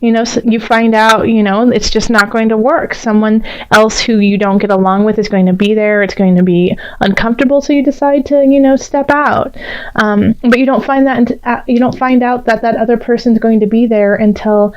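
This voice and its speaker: A woman's voice: a little high, level tone, moderate pace, clear, resonant tone, highs cut off. A woman giving a casual tarot reading, chatty and full of fillers, often laughing as she talks. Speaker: tarot reader.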